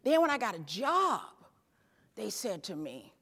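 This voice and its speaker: A woman in her fifties from Tennessee giving an animated, emphatic motivational keynote speech from a conference stage, hammering home punchy repeated phrases. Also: medium pitch, moderate pace, breathy edge. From Tennessee, USA. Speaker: keynote speaker. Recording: echoey hall with long reverb.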